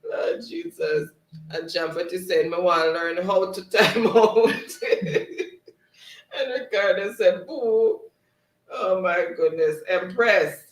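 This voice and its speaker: A man's voice: sits high, slow pace. Laughing man reading chat, roomy sound. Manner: laughs often, reads chat aloud. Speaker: live stream host reading chat. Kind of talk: casual chat reading out comments. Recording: roomy, distant mic.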